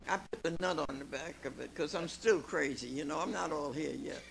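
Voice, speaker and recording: Her voice sits low with vocal fry, and she talks a little fast: a woman in her nineties telling a folksy personal story to a recovery meeting audience in a meeting room. She calls everyone "honey" and laughs a lot, with background noise in the clip.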